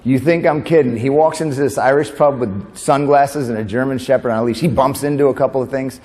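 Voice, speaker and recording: Man from New York, mid-pitched voice, lively stand-up keynote with quick asides; captured on a hall stage with long reverb. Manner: animated, quick asides, laughing at his own jokes. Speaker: comedian and motivational speaker.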